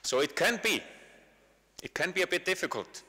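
Icelandic man lecturing, bright forceful tone, long reverb of a big hall, conversational and repeats himself. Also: sits high, sing-song, moderate pace, husky. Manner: conversational, repeats words while finding phrasing. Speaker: guest lecturer. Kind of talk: public university lecture. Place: large university lecture hall.

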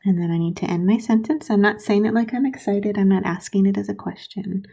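A woman teaching first graders to write sentences, modeling slowly and sounding out syllables with patience. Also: mid-range voice, gravelly, warm tone, breathy edge. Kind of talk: recorded writing lesson for young children.

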